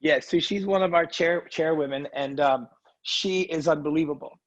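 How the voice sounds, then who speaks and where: A man's voice: a little high, dry recording, highs cut off. A man telling his life story as a guest in a casual interview, earnest and emotional. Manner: earnest, emotional, quick asides like "right?".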